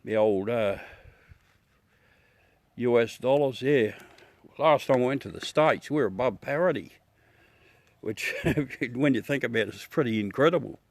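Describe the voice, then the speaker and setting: A man's voice: mid-range voice, measured pace, long pauses, no echo. An Australian man livestreaming outdoors at night, rambling chattily to his viewers through a smartphone. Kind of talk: casual live chat.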